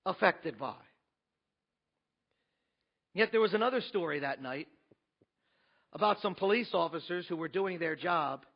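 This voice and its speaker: A man preaching a sermon as pastor, emphatic, with rhetorical questions, swinging between loud and hushed. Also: a little high, vocal fry, muffled recording.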